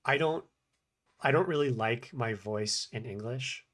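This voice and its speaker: This language learner vlogger speaks in a mid-range voice with a bit of brightness while reviewing his own practice in a relaxed, self-critical diary. He mumbles, swings between quick and slow, pause-filled speech, and haltingly repeats short phrases.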